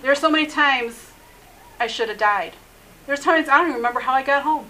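A middle-aged woman who is a messianic rabbi shares her personal testimony in a faith interview, her high voice brisk and sharp over poor audio. She's earnest, laughs often and leans heavily on "you know."

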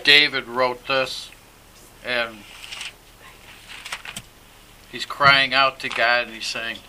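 A man reading scripture aloud during a service, slow and deliberate with the old-fashioned biblical wording. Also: mid-range voice, little pitch movement, pushed and bright, slight background noise, poor audio. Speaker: scripture reader in a congregation.

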